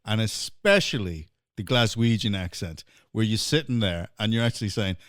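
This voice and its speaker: An English man hosting a podcast, jokey and quick to laugh. His pitch swings widely as he talks, and the sound is dry and close to the mic. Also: no room sound. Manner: jokey, animated, laughing often. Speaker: podcast host. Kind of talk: casual podcast chat.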